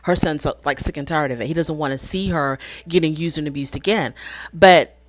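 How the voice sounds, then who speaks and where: Woman host recapping episodes, opinionated, slightly low voice, dry close mic. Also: quick pace, no room sound. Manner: opinionated, animated retelling with quoted dialogue. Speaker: reality show recapper. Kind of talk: casual recap commentary.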